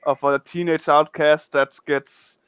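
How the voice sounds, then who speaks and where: Man, podcast host, higher voice, stop-start delivery, dry close sound. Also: little pitch movement, fairly bright tone, clean tone, no echo. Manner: halting, repeats words often. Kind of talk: casual chat.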